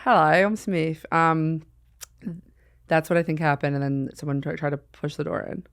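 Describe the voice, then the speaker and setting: A woman's voice: low voice, little pitch movement, moderate pace, clean tone, dry recording, studio quality. A woman hosting a podcast, rambling and joking in casual chat and putting on silly voices for the people in her stories. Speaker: podcast host.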